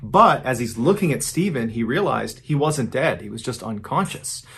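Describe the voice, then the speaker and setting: A man telling a true-crime story in a steady, suspenseful scripted narration. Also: mid-range voice, normal speed, creaky, breathy edge.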